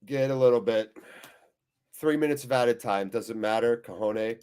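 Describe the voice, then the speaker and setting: A man's voice: medium pitch, normal speed, darkish tone, clear, resonant tone. A man hosting a live fan watchalong, reading viewers' chat aloud with jokey swearing and a weary, deflated tone.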